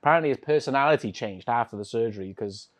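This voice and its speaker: A man hosting a casual podcast interview, chatty and jokey and quick to laugh. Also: medium pitch. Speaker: podcast host. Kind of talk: casual chat.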